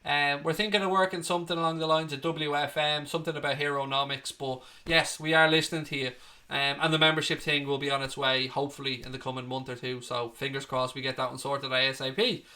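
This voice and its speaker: A man's voice: mid-range voice, level tone, fast, bright, forceful tone. A man, hosting a casual live stream, reading out viewer comments and joking back with banter and swearing. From Ireland. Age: 30s. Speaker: fan channel host reading live chat. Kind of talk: casual livestream chat.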